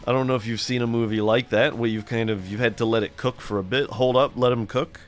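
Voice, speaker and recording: A man's voice: mid-range voice, steady tone, fast, faint music behind. A middle-aged man hosting a casual let's play, chatting in a rambling, laid-back way while he plays. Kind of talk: casual gameplay commentary.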